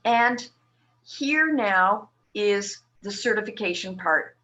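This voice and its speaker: A woman's voice: mid-range voice, expressive, slow pace, pushed and bright, highs cut off. A woman nurse from Canada presenting a webinar, explaining a tax form step by step to patients. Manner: explanatory, walks through form slide by slide.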